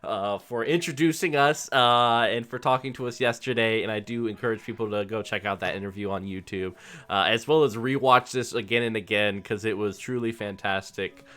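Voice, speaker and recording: A man's voice: lowish voice, fairly quick, sharp tone, clean tone. A man hosting a tabletop role-playing stream as game master, wrapping up with lots of fillers and laughs. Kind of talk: casual stream wrap-up.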